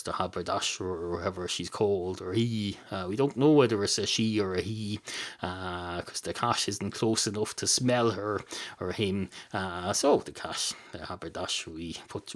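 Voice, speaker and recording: Rambling Irish man telling a comic story. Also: on the low side. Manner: digressive, deadpan, sweary, many fillers. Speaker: podcast host.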